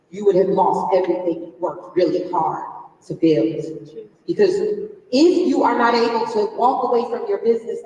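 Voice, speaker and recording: A medium-pitched, somewhat mellow voice belongs to a woman in her forties speaking from a large conference stage. Conversational in style, her motivational business talk quizzes the crowd and includes an emotional personal story. The distant mic catches plenty of hall echo.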